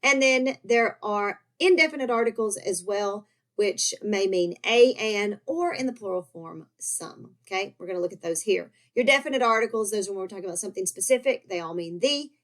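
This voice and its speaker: A woman's voice: mid-range voice, normal speed. A woman teaching a recorded grammar lesson, explaining patiently and checking in often with "okay?" and "right?". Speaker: Spanish teacher.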